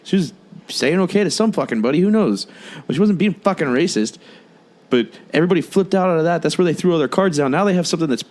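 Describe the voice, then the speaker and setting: A man's voice: on the high side, lively intonation, quick pace, a little mellow. A man co-hosting a podcast in casual chat, blunt and exasperated, swearing often. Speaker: podcast co-host.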